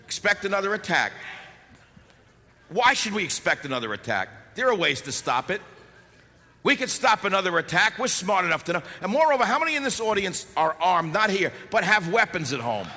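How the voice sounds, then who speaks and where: A talk radio host giving an impassioned, sarcastic political speech to a live audience, shouting at times. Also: male voice, sits high, sing-song, brisk. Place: large hall before a live audience. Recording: echoey hall with faint background noise.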